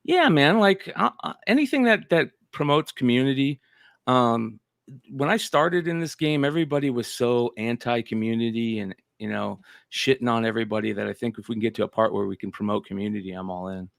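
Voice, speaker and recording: Laid-back man with a gravelly voice. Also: medium pitch, a little fast, dry recording, clean studio sound. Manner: laid-back, easygoing, says "man" often. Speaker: guest. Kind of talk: casual interview chat.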